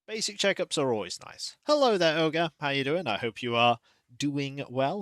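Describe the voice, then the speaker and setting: A man, a livestreamer, chatting casually and greeting viewers by name in a relaxed, playfully formal way from his home. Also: a little high, normal speed, no room sound. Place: home room.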